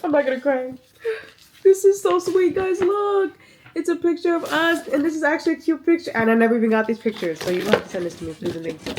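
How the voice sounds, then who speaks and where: Young woman, vlog chat, fairly high voice, animated and chatty, a bit sick, loud background noise. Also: fast talker. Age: 20s. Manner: animated, chatty, squeals when excited. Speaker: vlogger.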